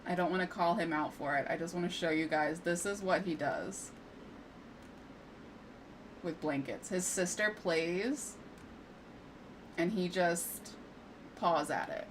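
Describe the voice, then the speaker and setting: A woman's voice: fairly low pitch, lively intonation, measured pace, pauses often, a little hiss or hum. A woman giving casual commentary while playing and fixing game mods at home, swearing freely when things break and chatting to her cat between fixes. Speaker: gaming streamer. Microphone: desk microphone.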